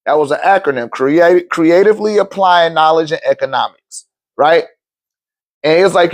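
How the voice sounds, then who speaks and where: A man's voice: a little high, moderate pace. A man telling a personal story at a live talk in a loose, profane way, acting out the other people's voices as he goes.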